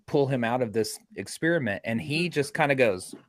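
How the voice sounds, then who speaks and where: Animated man telling ghost-hunting stories. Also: mid-range voice, moderate pace, dry recording, studio quality. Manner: excited, acts out quotes loudly. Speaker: paranormal investigator guest. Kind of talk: animated storytelling in a podcast interview.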